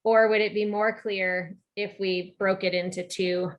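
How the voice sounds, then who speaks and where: A woman's voice: mid-range voice, little pitch movement, measured pace, lo-fi sound. A woman leading a video-call work meeting, guiding the group and asking what they think, with many filler ums. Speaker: meeting facilitator. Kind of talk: online group meeting discussion.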